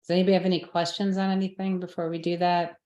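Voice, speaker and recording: A woman teaching a live class, explaining step by step, checking that her students follow, and correcting her own slips out loud. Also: on the low side, level tone, very fast, echoey room, dull audio. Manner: patient, step-by-step explaining with frequent checks for understanding.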